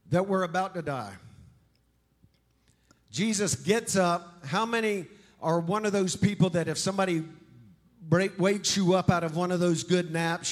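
Brief: male pastor, fairly high voice, chatty emphatic sermon with humor. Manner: conversational, emphatic, joking asides.

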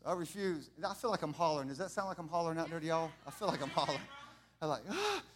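A middle-aged man preaching an impassioned sermon, building from quiet talk to fervent shouting and repeating his lines. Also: a little high, fairly even intonation, very fast. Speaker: pastor.

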